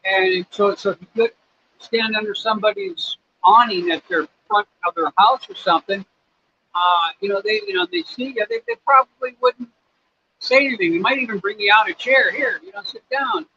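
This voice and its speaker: A man from the United States, streaming from his home in Cambodia, rambles laid-back through viewer questions with lots of fillers. His high voice is sing-song, bright and forceful, at a moderate pace. Faint background noise sits under slightly dull audio.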